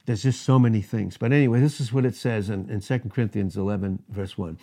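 A man preaching a sermon in an animated way, reading scripture aloud with laughs between points. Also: mid-range voice, a little fast. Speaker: pastor.

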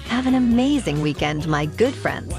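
A woman's voice: on the low side, lively intonation, normal speed, over music. A woman hosting a podcast, reading scripted news and signing off in an upbeat, chatty way. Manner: upbeat, chatty sign-offs. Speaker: podcast host.

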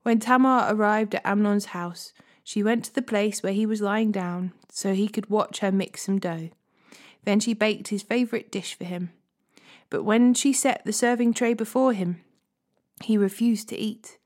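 A woman reading a Bible passage aloud as a steady storyteller, hosting a daily reading series. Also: medium pitch, normal speed. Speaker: Bible reader.

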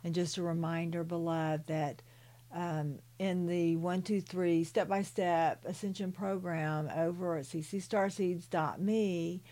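An older woman reads her own spiritual story in a soothing voice, stopping for gentle personal asides to the listener. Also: fairly low pitch, steady tone. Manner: slow and soothing, calls listeners "beloved". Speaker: author and spiritual channeler.

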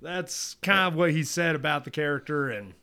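A man co-hosting a casual podcast chat, excitable and quick to laugh, reading notes aloud between jokes. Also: fairly high pitch, creaky, clean tone. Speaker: podcast co-host. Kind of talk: casual chat about a cartoon series.

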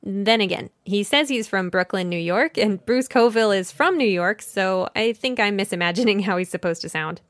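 A woman's voice: mid-range voice, moderate pace, hardly any pauses, dry recording, studio quality. A woman hosting a children's book podcast, summarizing and discussing a story in a conversational way, thinking aloud and correcting herself now and then.

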